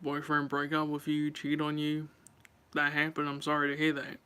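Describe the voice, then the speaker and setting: A man's voice: a little high, completely flat delivery, normal speed, sharp tone, clear, resonant tone. A man chatting casually on a live stream, rambling and talking straight to his viewers.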